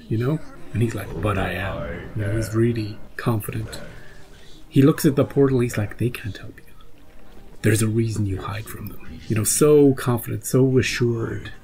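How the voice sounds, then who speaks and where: Gravelly-voiced man, excitedly recapping a show episode. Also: mid-range voice, rough recording. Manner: emotional, retells scenes by voicing his own reactions. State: choked up. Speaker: reaction channel host.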